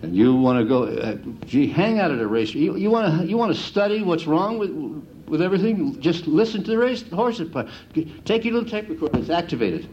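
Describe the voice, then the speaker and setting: A middle-aged man giving a folksy lecture on handicapping to an audience, an animated storyteller who mimics the gamblers he talks about. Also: high-pitched, fairly quick, highs cut off, a little hiss or hum. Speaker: handicapping instructor.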